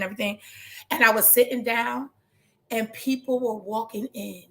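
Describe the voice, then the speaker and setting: A woman, a hair coach, telling her story in animated casual chat and speaking straight to her viewers. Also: fairly high pitch. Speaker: trichologist and hair business coach. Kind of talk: motivational casual talk to viewers.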